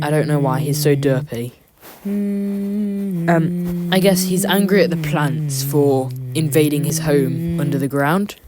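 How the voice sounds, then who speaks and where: Low-voiced woman rambling over loud music. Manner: rambling, self-deprecating, lots of ums. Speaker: YouTuber narrating a drawing. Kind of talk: casual voice-over commentary. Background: loud background music.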